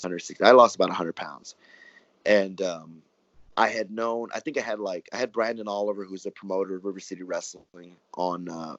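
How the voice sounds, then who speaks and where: A man, a wrestler telling stories in a relaxed interview, rambling and acting out what others said. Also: low-pitched, no room sound. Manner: rambling, animated, acts out quoted dialogue. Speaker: professional wrestler and guest. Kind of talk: casual storytelling interview. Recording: dry, muffled lo-fi audio.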